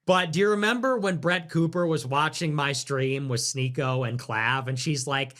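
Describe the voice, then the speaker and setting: A young man streaming live, talking in a loose, profane rant. His voice sits a touch high for a man, and he swings between mock-sincere thanks and sarcastic tirades. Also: normal speed, a bit bright. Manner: crude, ranting, sarcastic. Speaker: livestream host. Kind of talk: casual livestream chat.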